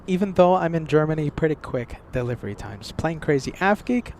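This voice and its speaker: A man's voice: fairly high pitch, darkish tone. An American man hosting a casual live stream outdoors at an airport, chatting and thanking viewers. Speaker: livestream host. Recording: faint outdoor traffic noise. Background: faint street and vehicle noise.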